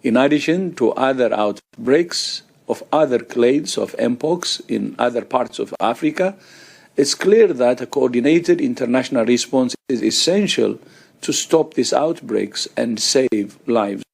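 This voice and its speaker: A man speaking as a public health official, delivering a measured, formal prepared statement. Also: mid-range voice, animated, gravelly, husky.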